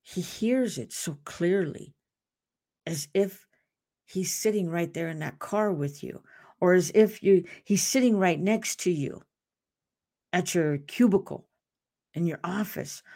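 A woman's voice: on the low side, slow pace, pauses often, mellow. A woman hosting a devotional podcast, talking earnestly and off the cuff, with restarts and asides. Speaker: podcast host.

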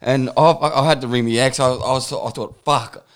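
A man's voice: medium pitch, fairly even intonation, normal speed, clean tone. A young Australian man talks in a laid-back, easygoing way. His casual chat is full of swearing and loose anecdotes. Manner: laid-back, sweary, laughs while telling stories.

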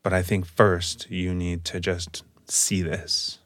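A man voicing a huge male minotaur hunter who is awkward with people, speaking in a halting, earnest way. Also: deep voice, flat delivery, a bit bright, no room sound.

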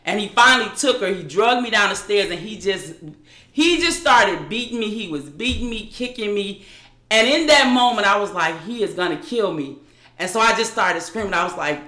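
A woman, as an interview guest, recounting a personal story in a halting way with frequent restarts. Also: medium pitch, expressive, sharp tone, reverberant.

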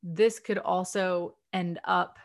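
A woman leading a casual book study discussion, thinking aloud in a chatty, earnest way with soft laughs. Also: on the low side, steady tone, slow. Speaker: study group discussion leader.

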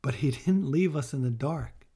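A man's voice: fairly high pitch, moderate pace, warm tone, slightly rough. A middle-aged man hosting a podcast, speaking in an earnest, heartfelt way and stressing his points through repetition as he reflects on faith. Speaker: podcast host. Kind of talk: personal reflective talk with faith teaching.

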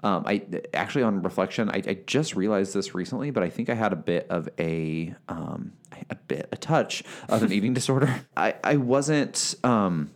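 Deep-voiced man chatting, laughing often. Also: lively intonation, moderate pace. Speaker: podcast co-host. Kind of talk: casual chat.

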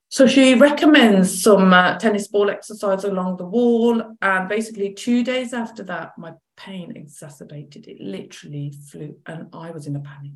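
A woman, a chronic pain coach as guest, telling a personal story in lively conversation and acting out what others said. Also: mid-range voice, moderate pace, few pauses, roomy sound. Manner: animated, acts out quoted dialogue.

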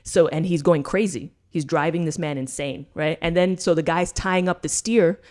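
Her voice is low-pitched and a little mellow, and she moves at a moderate pace. As a podcast co-host, she tells a story in casual, swear-filled chat and keeps asking "right?" after almost each point.

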